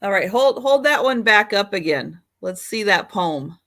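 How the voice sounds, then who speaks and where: Woman host, slow and gentle, runs a live photo auction. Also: medium pitch, animated. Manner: unhurried, gentle and kind. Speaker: host and seller of old photos. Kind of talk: live sale chat.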